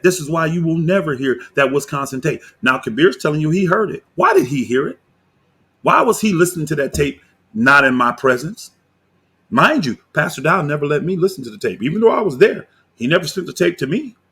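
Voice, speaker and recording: A man, a pastor, giving heated reaction commentary on a video, indignant and combative, often rising into loud outbursts. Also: medium pitch, husky.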